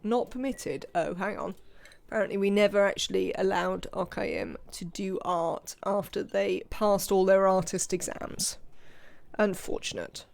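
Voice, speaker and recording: A chatty streamer from the UK narrates a live game, musing aloud and addressing the characters on screen. The voice moves animatedly up and down with a gravelly edge, in a home streaming setup. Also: medium pitch, animated, unhurried. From United Kingdom. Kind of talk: let's-play commentary.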